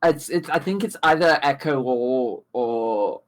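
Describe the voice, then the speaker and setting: A tabletop game player thinking aloud, with restarts and an animated delivery. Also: mid-range voice, a little slow, poor audio. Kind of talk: casual tabletop chat.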